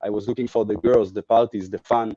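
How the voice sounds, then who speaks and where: A man's voice: on the low side, steady tone, fairly quick, mellow, dull audio, slight background noise. A man from Israel, a podcast guest talking casually and thoughtfully, searching for his words. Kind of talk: casual reflective chat.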